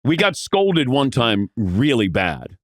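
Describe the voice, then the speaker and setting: A man telling animated anecdotes as a podcast guest, acting out the voices of the people in his stories. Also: mid-range voice, takes it slowly, no room sound, studio quality. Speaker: podcast guest, veteran sportscaster. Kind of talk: casual storytelling.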